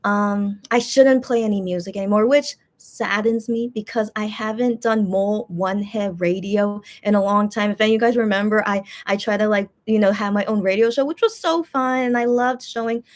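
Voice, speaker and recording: A woman's voice: medium pitch, steady tone, normal speed, few pauses. Woman vlogger, casual rambling chat, lots of fillers, frustrated, complaining tone. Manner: rambling, many fillers and restarts. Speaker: YouTube channel host.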